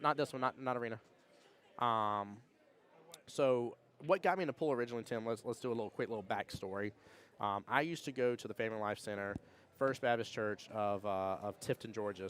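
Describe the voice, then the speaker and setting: A man hosting a pool tournament stream, chatting casually and reading viewer comments in a rambling, storytelling way. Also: on the low side. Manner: fast, rambling storyteller with restarts and laughs. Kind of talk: casual chat with live chat readouts.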